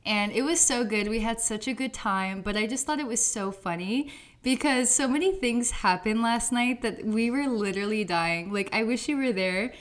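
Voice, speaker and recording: A young woman co-hosting a podcast, telling animated stories in casual chat and acting out quotes. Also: normal speed. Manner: animated storytelling, acts out quotes in a high voice. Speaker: podcast co-host.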